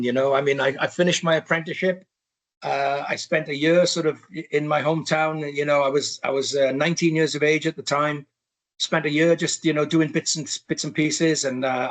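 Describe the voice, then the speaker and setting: Welsh man in his sixties, rambling. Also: fairly high pitch. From Wales. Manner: rambling, many restarts and "you know". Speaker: podcast guest. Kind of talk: reflective life story.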